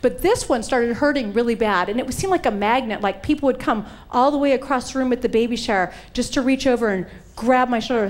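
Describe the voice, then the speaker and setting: A woman's voice: a little high, fast, few pauses. A middle-aged woman preaching, telling stories with humor and acting out the voices in quotes. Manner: animated, acts out voices in quotes. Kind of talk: humorous sermon storytelling.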